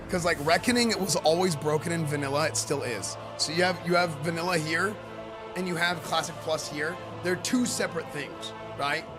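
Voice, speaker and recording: Male live streamer, slightly high voice, loose and rambling commentary delivery, faint background music. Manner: excitable, rambling, filler-heavy with repeated words. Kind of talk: live-stream commentary reacting to game questions.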